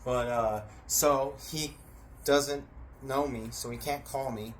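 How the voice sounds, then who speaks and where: Animated man telling a wild story. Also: mid-range voice, takes it slowly, slight background noise. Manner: animated, acts out voices and sound effects, swears freely. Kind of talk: casual storytelling.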